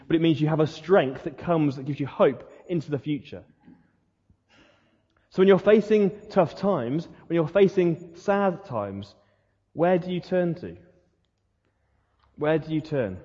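A man's voice: fairly high pitch, dark tone, husky. Male pastor, earnest sermon, repeats his questions; muffled church hall recording. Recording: muffled sound with long hall reverb.

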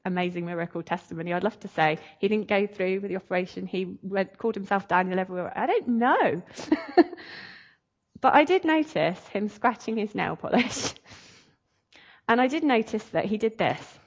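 A woman's voice: medium pitch, animated, normal speed. Lady telling her church story, gets emotional, keeps laughing, kinda dull lo-fi audio. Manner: chatty and emotional, laughing often. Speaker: speaker sharing a testimony. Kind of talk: sermon testimony.

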